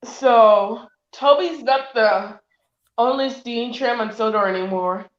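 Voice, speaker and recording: A woman's voice: fairly high pitch, slow pace. A woman in casual stream chat, teasing and cutting in with questions. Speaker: stream co-host. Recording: dull echoey room sound.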